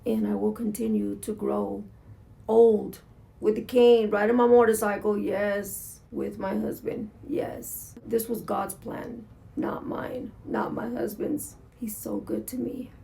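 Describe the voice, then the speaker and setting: A woman's voice: mid-range voice, steady tone, slow, vocal fry, mellow, husky. A woman vlogger telling her story at home in a casual, candid, earnest way, swearing freely. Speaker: motorcycle vlogger. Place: at home, in pajamas.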